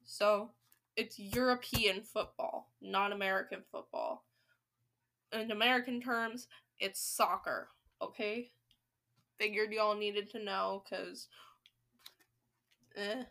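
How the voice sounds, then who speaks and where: A woman's voice: mid-range voice, fairly even intonation, slow, creaky, pauses often, fairly bright tone. A woman hosting a podcast, reading a children's book aloud and breaking off for playful, joking asides. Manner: playful, joking commentary between passages. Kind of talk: storybook reading with chatty asides.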